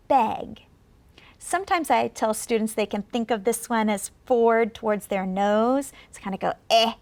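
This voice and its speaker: A woman gives an English pronunciation lesson in a patient, clear coaching voice. She speaks a bit high for a woman, with a gravelly edge. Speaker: pronunciation teacher. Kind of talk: televised classroom lesson.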